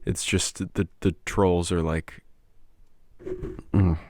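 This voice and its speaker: Low-voiced exasperated podcast host. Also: male voice, flat delivery, slow, background noise. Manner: exasperated, swears a lot. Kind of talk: casual podcast chat.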